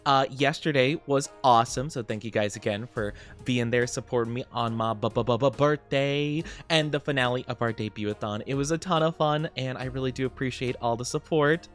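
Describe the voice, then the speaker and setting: A man's voice: medium pitch, fairly quick, hardly any pauses, soft background music. A young man chatting casually on a live stream, upbeat and giggly as he greets his chat.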